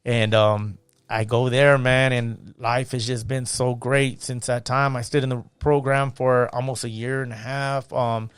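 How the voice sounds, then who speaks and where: A man's voice: mid-range voice, unhurried, clear, resonant tone, no echo. A middle-aged man from California's San Gabriel Valley, a podcast guest telling his own story in casual talk, acting out the voices of people he quotes. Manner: animated storyteller, acts out quoted voices, fillers like "you know what I mean". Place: podcast studio.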